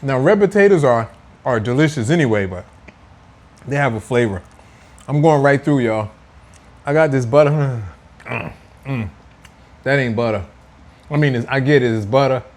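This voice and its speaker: A man's voice: medium pitch, animated, moderate pace, pauses often. A man hosting a casual food vlog, playful and teasing as he talks to viewers at home. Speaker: food vlogger. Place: indoors at home.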